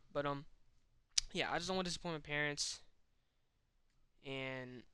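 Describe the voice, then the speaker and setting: A man's voice: mid-range voice, pushed and bright, clear, resonant tone, dry recording. A young man talking casually and candidly to camera, in a slangy, self-reflective way. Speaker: vlogger. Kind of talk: casual personal monologue.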